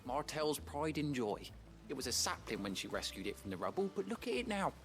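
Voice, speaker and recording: Chatty, earnest hideaway gardener. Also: male voice, on the high side, big pitch swings, fairly quick. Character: earnest hideaway man tending a fruit tree. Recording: game audio with clear music.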